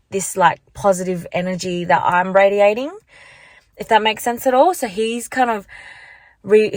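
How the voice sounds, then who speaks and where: A woman's voice: mid-range voice, no echo. A young woman vlogging casually into her phone from her car, chatty and rambling, full of likes and restarts. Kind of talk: casual chat to camera. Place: parked car. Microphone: handheld phone.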